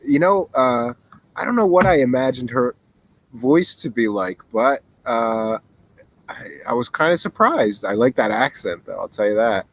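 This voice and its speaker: A man hosting a call-in show in casual chat, recorded on a laptop outdoors by a fire in the mountains, relaxed and easily amused. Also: medium pitch, moderate pace, low-quality recording. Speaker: host. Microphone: laptop mic.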